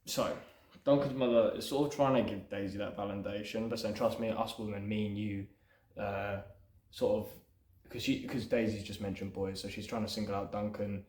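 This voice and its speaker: A man with a fairly low voice casually talks through his own screenplay scene by scene. His delivery is loose and rambling, padded with "sort of" and "you know". The sound is roomy, with a clear echo around him. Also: fairly even intonation, moderate pace, a little mellow. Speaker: screenwriter and channel host. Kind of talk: casual script breakdown to camera.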